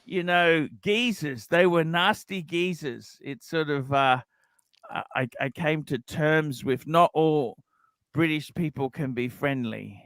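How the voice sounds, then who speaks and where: A man's voice: a little high, slow pace, a bit bright, dry recording. A man hosting a casual livestream, reading out donations and rambling with many restarts. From Australia. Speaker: livestream host.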